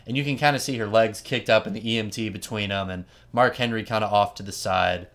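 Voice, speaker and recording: A man hosting a podcast, telling a story in an animated, wry, casual way and laughing often. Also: lowish voice, fairly quick. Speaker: podcast host.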